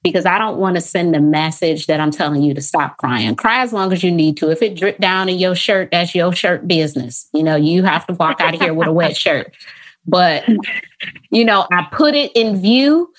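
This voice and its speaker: Therapist lady on a podcast, kinda low voice, animated, acts out quotes. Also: moderate pace. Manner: animated, acts out quoted phrases, laughs often. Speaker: therapist guest. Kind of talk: casual podcast interview.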